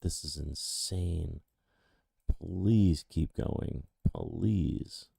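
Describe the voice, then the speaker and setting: Excitable male chart streamer, slow deep delivery, dry close sound. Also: vocal fry, slightly rough, no echo. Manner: excitable, exclaiming, pleading with the chart. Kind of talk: excited live chart commentary.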